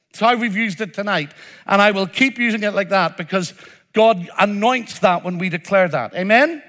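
A man's voice: high voice, moderate pace, fairly bright tone. A man preaching a sermon, emphatic, acting out the crowd's cries with a rising voice.

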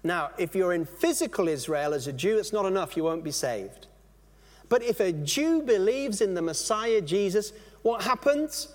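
A man preaching a sermon, animated, stopping and restarting phrases as he explains. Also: high-pitched, normal speed, big-room sound. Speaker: pastor.

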